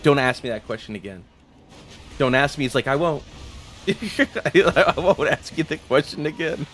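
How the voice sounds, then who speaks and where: A man streaming a game and chatting casually, rambling and swearing, with frequent laughs and restarts. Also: medium pitch. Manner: rambling, profane, laughs often, many restarts. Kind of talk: casual chat while gaming.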